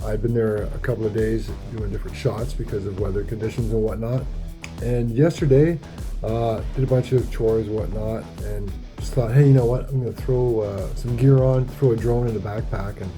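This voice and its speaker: A man's voice: mid-range voice, warm tone. A man telling a rambling, profane story in a casual vlog. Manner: profane, rambling, laid-back. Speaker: vlogger.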